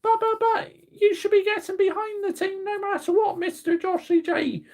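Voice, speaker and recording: A man's voice: extremely high pitch, steady tone, moderate pace, a little mellow, voice pushed up. A man voicing a whiny nagging critic who mocks him with stuttering "but, but, but" taunts. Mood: mocking whine.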